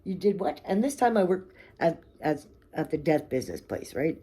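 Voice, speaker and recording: A woman's voice: low-pitched, very animated, moderate pace, dark tone, slightly rough. A woman vlogger telling a personal story to camera, candid and blunt, swearing freely and checking in with "okay?" and "right?".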